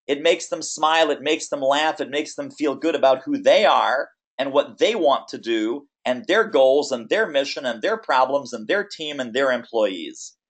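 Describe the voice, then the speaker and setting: A man coaching speakers on a webinar, energetic and emphatic, stacking lists and repeating phrases. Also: a little high. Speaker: business coach. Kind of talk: webinar teaching.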